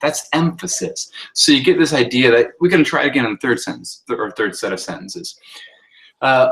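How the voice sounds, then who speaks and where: A man, a writing instructor, giving a recorded lecture on sentence style. He talks through slides casually with many fillers and reads example sentences aloud in a raised, animated voice. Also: mid-range voice, moderate pace, rough recording. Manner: conversational teaching with many fillers, acting out example sentences in a lifted voice.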